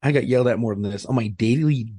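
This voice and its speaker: A man's voice: medium pitch, fast, mellow, slightly rough, dry recording, studio quality. A man who is a former Marine and police officer, co-hosting a podcast in casual chat, profane, trading stories. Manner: profane, storytelling, repeats words when starting. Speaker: podcast co-host.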